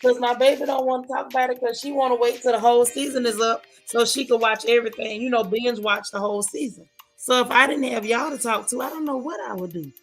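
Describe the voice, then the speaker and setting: A woman's voice: fairly high pitch, fairly even intonation, soft background music. Sassy woman dishing TV gossip. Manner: sassy, drawn-out emphatic repeats. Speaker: host of a gossip and TV recap livestream. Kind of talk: casual chat with viewers.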